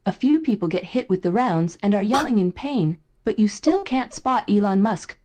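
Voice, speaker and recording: A woman narrating the events of a text adventure in an even storybook manner. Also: mid-range voice, normal speed. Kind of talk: scripted narration.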